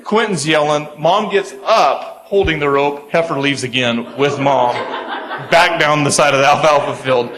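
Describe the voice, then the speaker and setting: A young man from the United States speaking at a conference, telling a funny farm story with lively, acted-out voices for his family. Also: fairly high pitch, moderate pace, crowd noise, rough recording. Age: young adult. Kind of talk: humorous storytelling to an audience.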